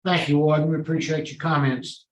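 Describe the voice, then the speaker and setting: A man chairing a parole board hearing, polite and formal and quick to apologize. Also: on the high side, flat delivery, reverberant, a little hiss or hum, low-quality recording.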